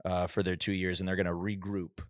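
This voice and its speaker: A man's voice: sits low, level tone, fairly quick, no echo, studio quality. A man co-hosting a podcast, reading out news items and plainly explaining the facts in casual chat. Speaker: podcast co-host.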